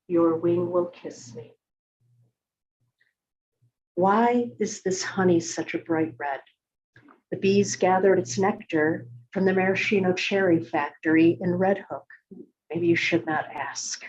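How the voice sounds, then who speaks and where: A woman poet reading her poems aloud in a slow, measured recitation. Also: lowish voice, darkish tone, lo-fi sound, a little hiss or hum. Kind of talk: poetry reading.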